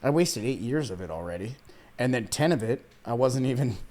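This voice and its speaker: An earnest man in his thirties from Iran talks as a podcast guest in a relaxed, conversational way. His mid-pitched voice carries heartfelt personal stories, sprinkled with "man" and "dude", and now and then he comes close to tears. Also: fairly quick. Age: 30s. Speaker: podcast guest, weight loss coach. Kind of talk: casual interview conversation.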